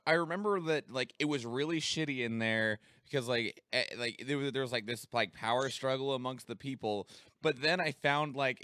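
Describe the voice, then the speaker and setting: A man's voice: mid-range voice, pushed and bright, no echo, studio quality. A man co-hosting a podcast, telling a rambling story in casual chat with lots of filler words. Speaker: podcast co-host.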